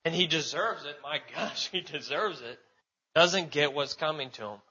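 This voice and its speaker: Man, casual sermon, animated, bright tone, dull lo-fi audio. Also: on the high side, normal speed, breathy edge. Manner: animated, conversational, many restarts and fillers. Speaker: preacher.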